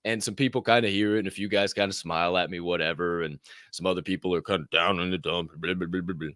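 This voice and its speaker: A middle-aged man co-hosting a podcast, telling stories casually with lots of swearing and loud acted-out quotes. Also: deep voice, fast talker, no room sound, studio quality. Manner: animated, profane, acts out other people's voices loudly. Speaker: podcast co-host. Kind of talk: casual storytelling.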